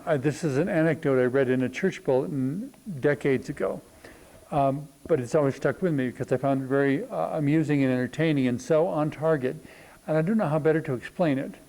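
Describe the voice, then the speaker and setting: A man hosting a reflective talk on spirituality, thinking aloud with many pauses and fillers. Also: on the high side, mellow, rough recording. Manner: thoughtful, unhurried, many ums and pauses.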